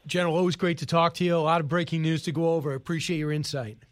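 A man's voice: on the high side, fairly even intonation. A man hosting a talk radio show, giving opinionated, emphatic commentary and taking calls. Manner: opinionated, emphatic, quick asides. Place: radio studio.

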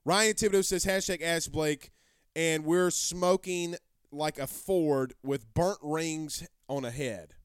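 A man's voice: a little high, slow, clean tone, no echo, clean studio sound. A man hosting a live sports talk show, brash and rambling, repeating himself as he answers viewer comments.

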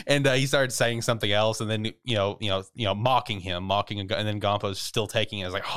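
A man's voice: fairly low pitch, fast talker, few pauses, a bit bright. A man co-hosting a podcast, recapping an anime episode in casual, rambling chat, swearing freely and laughing often.

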